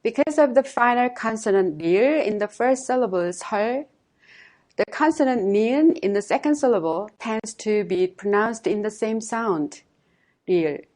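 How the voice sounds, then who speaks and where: A woman teaching a language lesson, giving dates and modelling each pronunciation slowly and carefully. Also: fairly high pitch, lively intonation, darkish tone.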